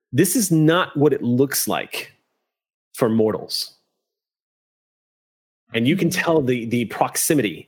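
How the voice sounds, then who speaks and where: A man running a tabletop game, narrating scenes in long, descriptive stretches peppered with likes and ums. His voice is mid-pitched and ordinary. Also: slightly rough. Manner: descriptive, with fillers. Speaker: game master.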